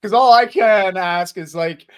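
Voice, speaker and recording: Animated enthusiastic man, podcast co-host. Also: high-pitched, a little slow, smooth. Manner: animated, enthusiastic, laughs often. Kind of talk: casual podcast chat.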